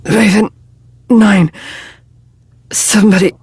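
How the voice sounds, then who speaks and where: Woman reading as dying male agent, strained, broken phrases, slightly raised pitch, dry sound. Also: steady tone, slow pace, a little mellow, husky, no echo.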